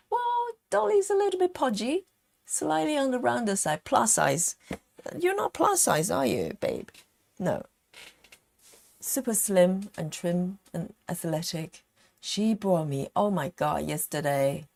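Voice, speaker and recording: A woman's voice: fairly low pitch, a little mellow. A woman chatting casually on a live stream as she stitches, giggling often and reading out viewer comments.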